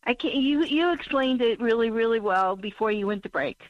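A woman in her sixties from Missouri calls in to a talk show. She is emotional and speaks in halting, broken sentences. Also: fairly high pitch, no room sound. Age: 60s. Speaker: caller. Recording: muffled phone line.

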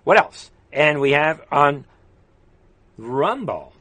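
Slow-paced yet very animated, a man with a fairly high, slightly bright voice hosts a livestream, recorded dry. He rants passionately about politics, straining his voice, reading viewer comments, and returning again and again to rallying calls.

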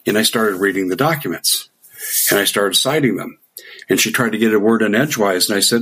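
A middle-aged man with a low, husky voice tells a story in a casual way. He acts out the back-and-forth of a conversation, chuckling now and then. His delivery stays relaxed and lively. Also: brisk. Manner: animated anecdote with quoted dialogue and chuckles. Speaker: guest telling a story.

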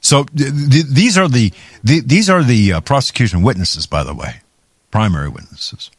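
A man's voice: mid-range voice, animated, normal speed, slightly rough, no room sound. A man hosting a talk show, giving heated political commentary with many restarts and stumbles. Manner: heated, ranting, with frequent restarts.

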